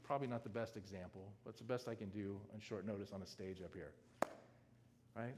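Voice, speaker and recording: Male pastor, mid-pitched, conversational sermon delivery with a long hall reverb. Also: moderate pace, darkish tone. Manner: conversational, asks the audience questions, often adds "right?". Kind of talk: sermon with scripture reading. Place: large hall with a stage.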